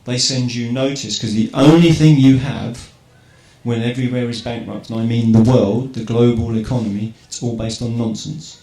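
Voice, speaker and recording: A man's voice: mid-range voice, steady tone, normal speed, warm tone. Man lecturing in an echoey hall. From England. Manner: conversational, rhetorical questions, keeps checking in with "right?". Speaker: public speaker. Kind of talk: informal lecture to a live audience. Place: event hall. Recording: echoey hall with faint ambience.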